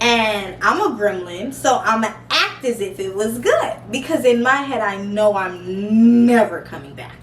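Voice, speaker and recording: A young woman vlogger tells a personal storytime, blunt, casual and profane, laughing along the way. Her slightly high voice sounds roomy and far from the mic, with slight background noise and faint music.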